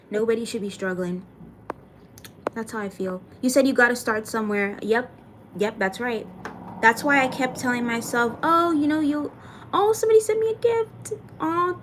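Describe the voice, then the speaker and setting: A woman's voice: medium pitch, a bit bright, a little hiss or hum. A young adult woman chatting casually on a livestream, thanking viewers by name and swearing now and then. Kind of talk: casual livestream chat reading comments.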